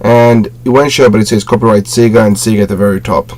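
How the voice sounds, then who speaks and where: A man's voice: lowish voice, steady tone, fast, darkish tone. Rambling man reviewing a collectible on webcam. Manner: rambling, many fillers and self-corrections. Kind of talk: casual webcam product review. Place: home room with display shelves.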